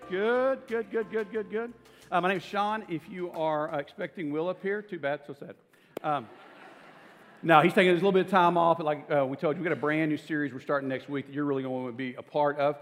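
High-voiced man preaching in a hall. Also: a little fast, faint music behind. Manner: conversational, self-deprecating storytelling. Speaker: pastor. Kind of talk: casual sermon. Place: church auditorium. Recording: long reverb of a large hall.

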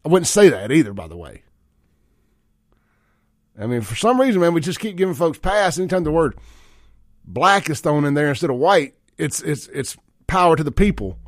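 A man behind a studio mic, hosting sports talk radio. His voice sits a touch high for a man, and the sound is close and dry. He talks in a folksy, opinionated drawl and climbs in pitch when he gets fired up. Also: sing-song, normal speed, pauses often, no echo. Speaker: radio talk show host. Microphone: studio microphone.

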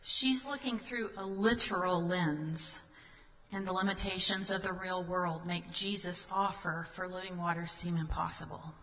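A woman's voice: fairly low pitch, steady tone, unhurried, bright, forceful tone, in a large hall, low-quality recording. A woman guest speaker giving a sermon, reading scripture aloud and asking the listeners earnest questions.

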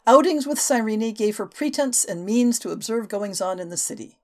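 A woman reading a historical novel aloud as an audiobook narrator, with expressive, varied delivery. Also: on the high side, normal speed. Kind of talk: scripted narration.

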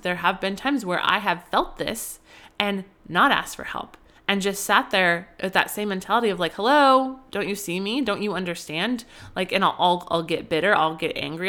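Earnest woman with a lowish voice. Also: a bit bright. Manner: earnest and reflective, with frequent fillers. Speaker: podcast host. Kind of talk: casual advice talk.

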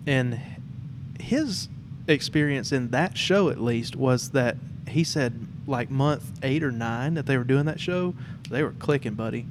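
Male podcast host, mid pitch, relaxed and rambling, faint background hum. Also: a little slow. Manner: relaxed, rambling, many fillers and restarts. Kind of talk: casual interview chat.

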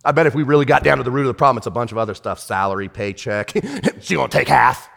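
A man pastor preaching a sermon, swinging from shouted rebukes to hushed, tender storytelling. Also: mid-range voice, animated, fast talker, gravelly. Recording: long hall reverb.

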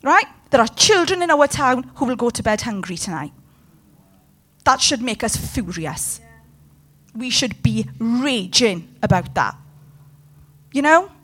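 A woman's voice: a little high, big pitch swings, a little slow, pauses often, a bit bright, husky. Impassioned woman preaching a sermon. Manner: impassioned, talks to the room with questions.

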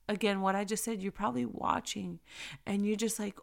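A woman giving a casual, encouraging faith talk aimed at other women. She sounds preachy and direct, often slowing right down to press a phrase home. Her pitch sits in an ordinary middle range. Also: level tone, gravelly. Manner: preachy and encouraging, slows down to stress phrases, talks straight to her listeners. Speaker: Christian devotional speaker.

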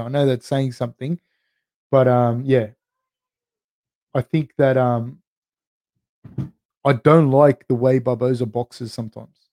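A man's voice: medium pitch, dark tone, no echo, studio quality. An Australian man in his thirties hosting a podcast, answering live chat questions in loose, chatty talk with frequent swearing and "dude". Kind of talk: casual live-stream Q&A.

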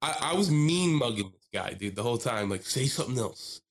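A young man in casual podcast chat, telling stories with lots of energy. He swears freely, and his voice climbs high when he acts out the people he quotes. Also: expressive, a little fast. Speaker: podcast co-host.

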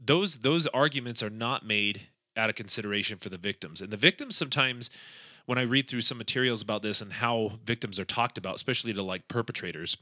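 A man co-hosting a podcast in casual chat, talking loosely with restarts and acting out quotes in an animated way. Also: on the low side, quick pace, no echo. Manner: animated storyteller, acts out quotes, laughs often; informal, many restarts and fillers. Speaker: podcast co-host.

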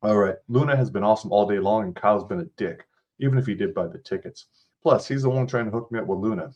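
A man's voice: fairly low pitch, fast talker, darkish tone, dull audio. A man hosting a podcast, reading an interactive story aloud with casual, profane asides. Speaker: podcast host.

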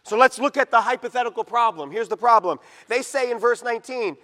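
A middle-aged male pastor preaching a sermon in a church, emphatic and rising to loud peaks as he reads scripture. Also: very high voice, a little fast, long reverb tail. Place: church sanctuary.

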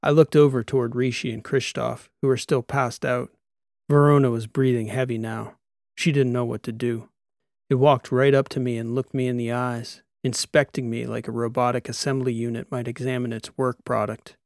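A man reading a sci-fi audiobook in the first person, with steady, measured storytelling and a close studio mic. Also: mid-range voice, creaky, no echo. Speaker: audiobook narrator.

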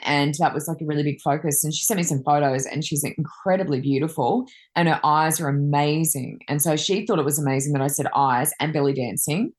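A woman's voice: low voice, fairly quick, hardly any pauses. A woman, a Reiki master and card reader, chatting casually and telling rambling anecdotes with many fillers.

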